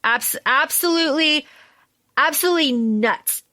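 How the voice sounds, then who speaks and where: A woman's voice: high-pitched, a little slow, no room sound. A woman co-hosting a podcast, chatting casually and animatedly as she recaps a film, swearing and acting out the characters' lines. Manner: animated, swearing, acts out lines in raised voices. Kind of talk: casual chat.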